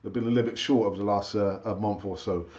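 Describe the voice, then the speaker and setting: A man hosting a casual live-stream football chat, chatty and animated, rambling with fillers and restarts, his pitch jumping up when he gets excited. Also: quick pace, dull audio. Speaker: football channel host.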